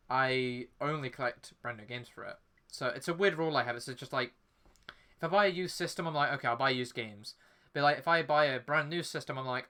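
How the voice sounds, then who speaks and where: A man's voice: mid-range voice, sharp tone. A young British man chatting casually while livestreaming a video game, rambling with lots of fillers and restarts. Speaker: streamer. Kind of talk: casual chat while gaming. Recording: faint background music.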